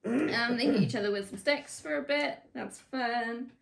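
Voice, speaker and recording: A woman's voice: a little high, normal speed, gravelly, crowd noise. A woman co-hosting a casual chat about wrestling, laughing often as she talks. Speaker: podcast co-host.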